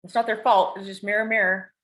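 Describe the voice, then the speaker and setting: Woman, podcast guest: candid, rambling, emotional confessional storytelling, mid-pitched, swears freely. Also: level tone, fast talker, fairly bright tone, poor audio. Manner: swears casually.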